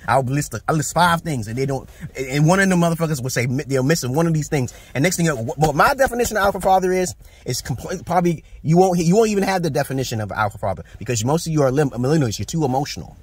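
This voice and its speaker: His voice is on the high side, husky and expressive, and he talks fast. He's a Brooklyn vlogger in his forties with a New York accent, ranting to camera in a blunt, cursing, preachy way, recorded with no room sound.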